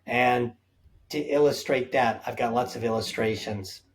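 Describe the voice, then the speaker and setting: A man's voice: mid-range voice, unhurried. A man speaking as a guest on an interview podcast, earnest and reflective, laying out his points one by one. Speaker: guest, safari company founder. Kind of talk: conversational interview answers.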